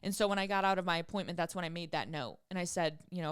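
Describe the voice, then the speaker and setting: A woman's voice: on the low side, fast, hardly any pauses, smooth, dry recording, studio quality. A woman in her thirties hosting a podcast, telling a personal story in a candid, emphatic way and swearing freely. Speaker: podcast host. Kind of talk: casual storytelling.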